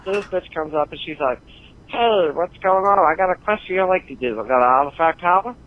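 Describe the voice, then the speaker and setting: A man putting on a brash, exasperated, foul-mouthed gamer guy ranting over a tinny phone line. His voice runs high and swoops all over the place as he rambles. The sound is thin and narrow, like a voicemail. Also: expressive, a little fast, lightly acted. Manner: profane, rambling rant. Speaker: listener calling in.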